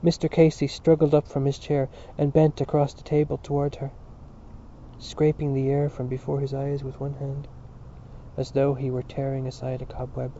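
A man reading a novel aloud as narrator, in a measured, expressive way. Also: medium pitch, a little hiss or hum. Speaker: audiobook reader. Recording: dull lo-fi recording.

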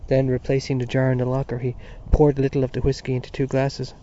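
Man reading an old novel, flat and mellow, kinda muffled lo-fi audio. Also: mid-range voice. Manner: measured, even storytelling. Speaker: narrator. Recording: dull lo-fi audiobook recording with faint hiss.

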